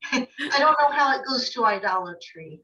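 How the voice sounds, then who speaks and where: Participant, woman; hesitant and self-deprecating; bright voice, far from the mic, muffled. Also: fairly high pitch, animated, measured pace. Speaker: class participant. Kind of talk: sharing in a class discussion. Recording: distant, muffled call-in audio.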